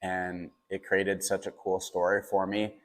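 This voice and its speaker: Speaking in a low-pitched voice at a measured pace, a young man recounts something that happened to him. His telling is casual and lively, packed with fillers and quoted dialogue.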